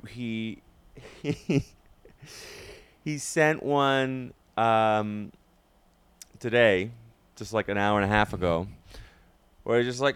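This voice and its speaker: Smooth-voiced man hosting a podcast. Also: mid-range voice, no echo. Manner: animated storyteller, acts out quotes. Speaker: podcast host. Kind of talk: casual chat.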